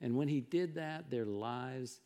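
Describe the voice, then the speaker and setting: A middle-aged male pastor preaching a sermon, telling Bible stories with animated, conversational delivery and acted-out quotes. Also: a little slow. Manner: animated storytelling, acting out quotes with rising pitch and volume.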